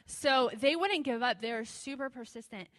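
A woman shares a testimony in an easygoing, conversational way, scattering fillers through her sentences. Her voice sits a little high and rings bright and clear. She slips into a lifted, animated voice when she acts out her own prayers. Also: normal speed, long reverb tail. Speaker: speaker sharing a testimony. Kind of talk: testimony storytelling.

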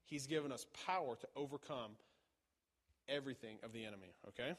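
A man preaching a sermon in a casual, halting way, with many fillers and restarts. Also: mid-range voice. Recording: long reverb of a large hall.

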